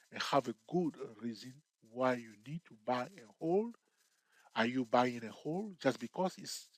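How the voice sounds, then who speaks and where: Guy walking through a trading chart, keeps going "all right? okay?", dry close sound, middle pitch. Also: dry recording. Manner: jokey, laughs at himself. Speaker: trading tutor. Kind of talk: screen-share trading lesson.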